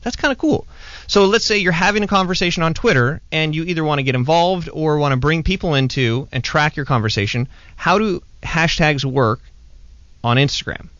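A playful, chatty man hosts a casual show with a slightly higher voice, often chiming in to rephrase his guest's points. The recording is dry and a bit dull and lo-fi. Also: fairly quick, fairly bright tone, no echo. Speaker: podcast host. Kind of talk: casual chat.

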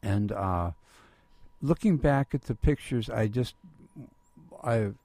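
An older man, a retired professor, telling lively anecdotes in a radio interview and acting out the voices of people he quotes. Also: fairly low pitch, slow, creaky, dry recording. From Southern California. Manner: animated storyteller, acts out quoted voices. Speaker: guest storyteller.

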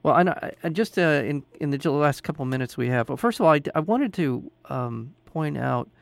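A man's voice: a little high, lively intonation, brisk, creaky, no room sound. A man hosting an interview, speaking hesitantly with many uhs and ums. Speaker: interview host. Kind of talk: casual interview talk.

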